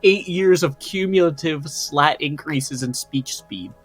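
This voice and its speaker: Man, livestream co-host, quick enthusiastic chat, slightly raised pitch, faint music behind. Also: husky.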